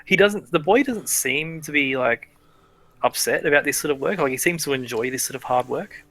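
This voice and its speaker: Game master, male, bright tone, loose chatty narration. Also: fairly high pitch, normal speed, dry recording. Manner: casual, many fillers and restarts.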